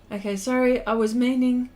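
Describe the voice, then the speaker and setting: A middle-aged woman with an Australian accent, hosting a livestream and reading out viewer comments. She talks in an unhurried, chatty way, slightly high-pitched, with lots of fillers and frequent laughs. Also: fairly even intonation, darkish tone. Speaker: art livestream host. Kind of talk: casual chat reading viewer comments while drawing.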